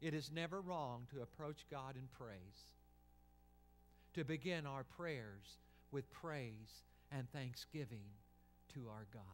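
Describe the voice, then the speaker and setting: A man preaching a sermon as senior pastor, impassioned, swinging from loud pleading to hushed tones. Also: medium pitch, slow, soft background music.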